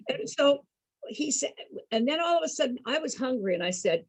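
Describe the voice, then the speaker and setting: A woman tells a personal story with real animation, her voice leaping up and down as she laughs and asks her listeners questions. Her tone is a little husky, set fairly high, and sounds close and dry with no room echo. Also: big pitch swings, normal speed, pauses often. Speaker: entertainer for program participants.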